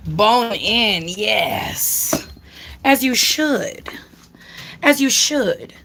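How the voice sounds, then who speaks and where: A woman's voice: fairly high pitch, expressive, extremely slow, a bit bright, a little hiss or hum, rough recording. A young woman ranting casually on a livestream, swearing a lot and repeating herself for emphasis.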